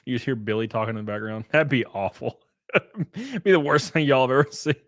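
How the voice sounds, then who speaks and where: A man's voice: mid-range voice, expressive, brisk, fairly bright tone, dry recording, studio quality. A young man casually chatting on a livestream, reading chat aloud with crude, rambling jokes.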